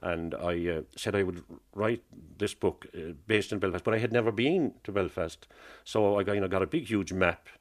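A man with a Cork accent, telling an author's story in a casual interview, halting and chatty with many fillers. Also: sits low. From Ireland, Cork.

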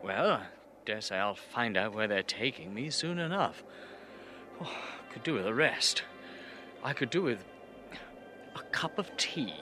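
An actor playing a polite, bemused young English gentleman traveler, talking to himself in a genteel, chatty way with an English accent. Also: mid-range voice, expressive, a little slow, long pauses, in a large hall, over music, lightly acted. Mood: musing, uneasy. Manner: genteel, chatty inner monologue. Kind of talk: radio drama acting.

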